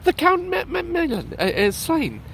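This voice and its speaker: A man's voice: extremely high pitch, wildly swooping pitch, moderate pace, creaky, a bit bright, slight background noise, pitched above the performer's own voice, full character voice. A man voicing an anxious male messenger who stammers and halts with fillers. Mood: alarmed. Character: anxious male messenger bringing bad news.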